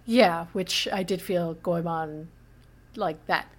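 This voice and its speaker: A woman's voice: fairly low pitch, slow pace. A woman co-hosting a podcast, chatting casually in an easygoing, agreeable way, often trailing off mid-thought. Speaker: podcast co-host. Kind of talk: casual chat.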